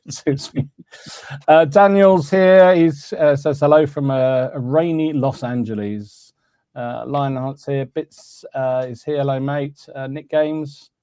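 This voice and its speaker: A podcast host chats casually on a live hobby show, greeting viewers by name and laughing a lot. His medium-pitched voice is mellow and clean, with fairly even intonation, and he takes his time. The recording is dry.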